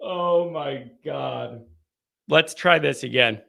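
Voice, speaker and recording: A man hosting a live call-in sports show, chatting casually and telling stories in animated, rambling bursts. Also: medium pitch, creaky. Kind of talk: casual live-stream chat and storytelling.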